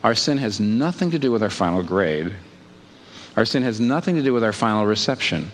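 A man preaching a sermon in an animated way, asking rhetorical questions and leaping up in pitch to stress a point. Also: normal speed, pauses often. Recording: long hall reverb.

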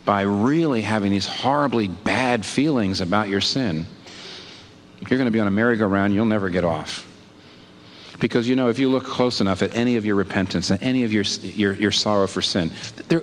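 A man preaching a sermon in an animated way, asking rhetorical questions and leaping up in pitch to stress a point. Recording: long hall reverb.

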